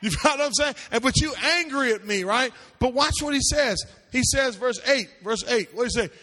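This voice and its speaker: A man preaching a Bible class with animated calls to the audience and sing-song lines that rise into shouts. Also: very high-pitched, fairly quick. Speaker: pastor teaching a seminary class. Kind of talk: preaching-style Bible teaching. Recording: long hall reverb.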